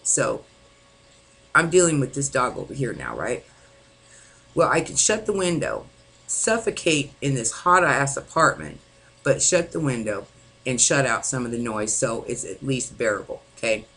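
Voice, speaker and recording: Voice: mid-range voice, animated, moderate pace, sharp tone, slightly rough, rough recording. A distraught vlogger venting angrily to camera, swearing often and rambling with many fillers. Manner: angry, frequent swearing. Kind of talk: venting personal monologue.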